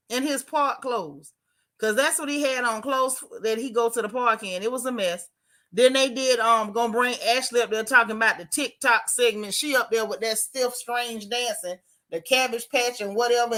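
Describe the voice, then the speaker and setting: Sassy, bright-voiced gossiping woman. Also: on the high side. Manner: sassy, animated, exclaiming. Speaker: YouTube commentator. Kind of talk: casual gossip commentary.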